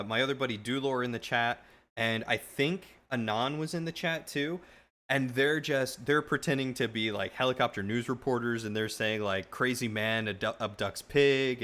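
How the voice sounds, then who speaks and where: A man streamer telling a long story casually to his live chat, animated and rambling with frequent restarts. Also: mid-range voice.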